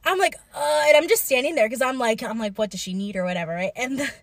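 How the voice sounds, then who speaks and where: A woman's voice: fairly high pitch, fast talker. A young woman telling a story in casual chat, acting out quotes with many fillers.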